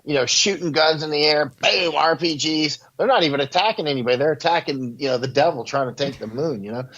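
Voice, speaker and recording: A man's voice: a little high, fast, a bit bright, dull audio. A man telling rambling stories as an interview guest, with lots of fillers and laughing asides. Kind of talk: casual interview talk, storytelling. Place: near the southern border.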